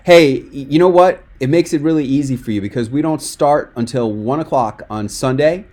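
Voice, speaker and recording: A man's voice: mid-range voice, normal speed, a little mellow. Emphatic man coaching on a video call. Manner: direct, emphatic, encouraging. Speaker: speaking coach. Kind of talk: webinar coaching feedback.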